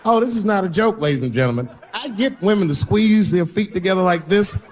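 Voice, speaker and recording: A man's voice: high voice, lively intonation, a little fast, a little mellow, a little hiss or hum. Man, stand-up comedian, live stage set, profane storytelling, acted-out dialogue. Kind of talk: stand-up routine. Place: stage before a live audience.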